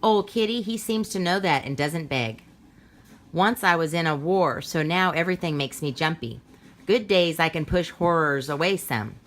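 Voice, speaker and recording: A woman's voice: low voice, animated, moderate pace. A woman reading as a weary war veteran.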